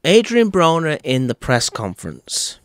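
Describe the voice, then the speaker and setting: Slow-talking wry man breaking down a boxing fight. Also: fairly high pitch, wildly swooping pitch, a bit bright, no echo, studio quality. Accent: put-on accent. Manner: playful and wry, with theatrical asides. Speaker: boxing commentator and channel host. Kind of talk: casual opinion monologue on a fight.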